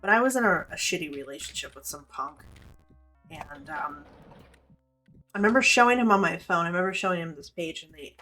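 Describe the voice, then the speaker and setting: A woman's voice: lowish voice, animated, fairly quick, sharp tone, faint music behind. A woman in her thirties streaming a game, talking in a rambling, profane, candid way as she plays. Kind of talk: casual gameplay commentary.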